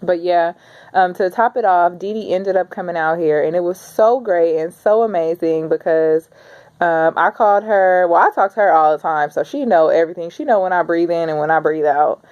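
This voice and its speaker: A woman's voice: on the low side, normal speed, clear, resonant tone, highs cut off. A woman in her thirties talking in a casual, rambling video diary, chatty and heartfelt. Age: 30s. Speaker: vlogger.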